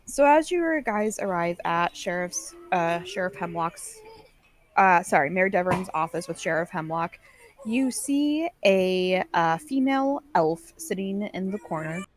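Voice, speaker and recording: A woman narrating as game master in a relaxed, loose way with frequent fillers. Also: on the low side, measured pace.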